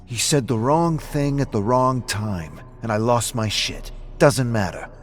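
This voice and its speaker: A man voicing a brash, defensive drunk man who turns loud and clipped when pushed. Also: medium pitch, a little slow, soft background music, pitched above the performer's own voice, close to an everyday voice. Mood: dismissive. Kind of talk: audiobook-style story reading.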